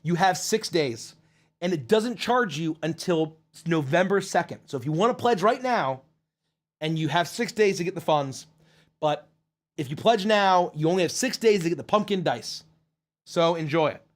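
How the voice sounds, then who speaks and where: A man's voice: fairly high pitch, lively intonation, moderate pace. A man hosting a casual live stream Q&A, reading out viewer messages with jokes and swearing. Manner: joking and profane, thanking viewers.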